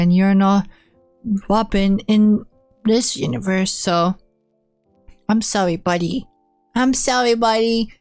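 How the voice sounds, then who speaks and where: A woman's voice: mid-range voice, smooth, no room sound. A young woman streamer chatting casually on a live stream, blunt and teasing, swearing often.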